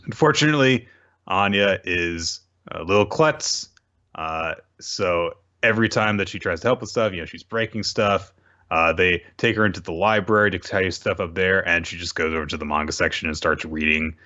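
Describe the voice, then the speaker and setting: A man with a low, deep voice talks through a manga chapter in a loose, casual podcast recap. He wanders, restarts his sentences and tosses in side comments as he goes. The audio is slightly dull and lo-fi. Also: normal speed, pushed and bright. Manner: rambling, self-correcting retelling with asides.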